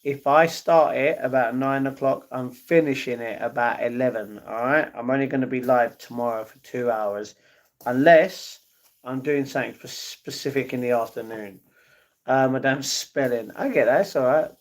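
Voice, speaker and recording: A man's voice: medium pitch, moderate pace. A man chatting casually on his live stream, answering viewers' messages and talking to his pets between replies.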